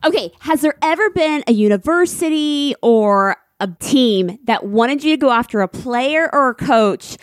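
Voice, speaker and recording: A woman's voice: sits high, lively intonation, normal speed, few pauses. A woman co-hosting a podcast, reading a listener request and asking the guest questions. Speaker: podcast co-host. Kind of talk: casual podcast chat.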